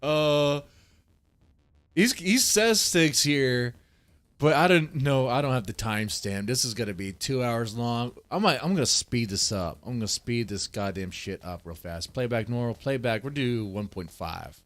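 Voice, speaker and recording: A man's voice: medium pitch, lively intonation, measured pace, fairly bright tone. A man reacting to a video on a live stream, greeting chatters and ranting with heavy swearing. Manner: profane, ranting, mocking. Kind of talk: casual live-stream commentary.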